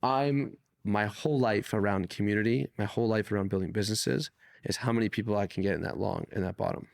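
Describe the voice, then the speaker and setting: A man from Canada talks through his stories as a podcast guest. His voice sits low and carries a rough, gravelly grain. He is animated and curses casually, and the dry sound leaves no trace of the room. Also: fast talker, dry recording. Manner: animated, swears freely, acts out quoted people. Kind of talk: casual conversational storytelling.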